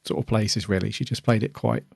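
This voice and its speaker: A man's voice: fairly low pitch, steady tone, fairly quick, gravelly, darkish tone, slightly rough, no room sound, clean studio sound. A man co-hosting a podcast, chatting casually and rambling with lots of ums while reviewing an episode. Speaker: podcast co-host.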